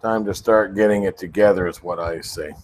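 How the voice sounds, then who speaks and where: A man's voice: low-pitched, fairly quick, slight background noise. A man in casual conversation, retelling a call with a supplier and acting out both sides. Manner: animated storyteller, acts out both sides. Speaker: flat earth merchandise seller.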